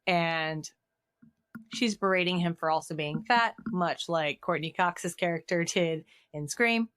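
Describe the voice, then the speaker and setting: A woman's voice: lowish voice, measured pace, smooth, dry recording, clean studio sound. A woman co-hosting a movie podcast, recapping scenes in casual chat and acting out the characters' lines. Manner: animated, acts out quoted lines. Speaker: podcast co-host.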